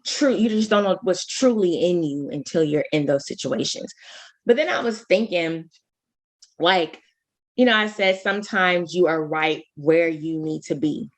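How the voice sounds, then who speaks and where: A woman co-hosting a podcast, chatting casually and telling stories animatedly, with sudden jumps in pitch and frequent restarts. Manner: talks fast, full of restarts. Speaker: podcast co-host. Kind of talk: casual chat.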